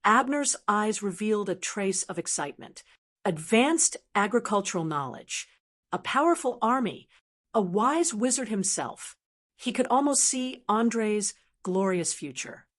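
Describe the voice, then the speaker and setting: Woman, audiobook narrator, scripted narration, steady even delivery, mid pitch. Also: measured pace.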